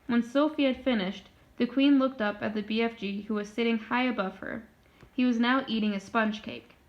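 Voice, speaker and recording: A woman reading a children's book aloud in a steady, plain narrating voice. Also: fairly high pitch, normal speed. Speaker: storyteller. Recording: dull lo-fi recording.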